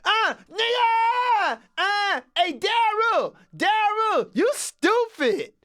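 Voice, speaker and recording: A man voicing a loud, rowdy teenage boy who yells taunts and insults on a school bus. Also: extremely high pitch, a little fast, pitched above the performer's own voice. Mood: yelling.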